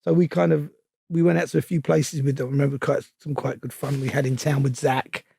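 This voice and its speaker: Gravelly husky man telling stories. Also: mid-range voice, a little fast, no echo, clean studio sound. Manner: hesitant restarts, animated when telling stories. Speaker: interview guest, film director. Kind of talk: casual anecdote-telling.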